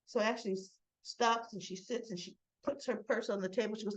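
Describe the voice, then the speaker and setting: Casual recap host, woman, mid-pitched, rambling and conversational, slightly muffled home recording. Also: moderate pace. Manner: chatty, retells scenes with quoted lines, many restarts. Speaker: soap opera recap host.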